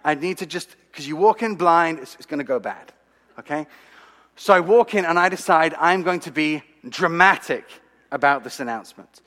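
A man telling his own faith story to an audience, animated and dramatic, with asides to the listeners. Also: on the high side, normal speed. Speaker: speaker giving a testimony. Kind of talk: sermon-style storytelling. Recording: long hall reverb.

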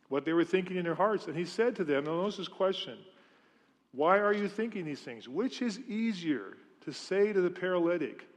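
A man's voice: a little high, big-room sound. A man preaching a sermon in a church, telling stories in a conversational way and asking the congregation questions. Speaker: pastor. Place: church sanctuary.

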